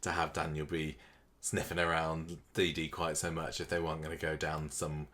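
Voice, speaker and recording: A man's voice: very deep voice, flat delivery, moderate pace, fairly bright tone. A man co-hosting a casual podcast, thinking aloud about the week's soap plots. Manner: thoughtful, musing aloud with restarts. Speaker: podcast co-host. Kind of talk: casual chat recapping a soap.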